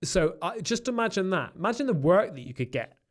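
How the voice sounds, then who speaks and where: A man chatting casually on his podcast, blunt and fond of mocking his co-host. His voice sits a touch higher than most men's. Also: big pitch swings, a little fast. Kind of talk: casual chat.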